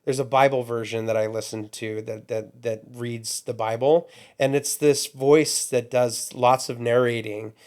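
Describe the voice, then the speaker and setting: A man's voice: medium pitch, fairly even intonation, measured pace, few pauses, darkish tone. A man chatting casually as a podcast co-host, often restarting his sentences. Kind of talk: casual chat.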